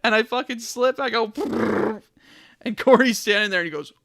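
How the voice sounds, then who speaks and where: A man's voice: very high voice, fast talker, bright, forceful tone. A young man co-hosting a podcast, retelling a party story in a casual chat and laughing often. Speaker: podcast co-host. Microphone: podcast mic.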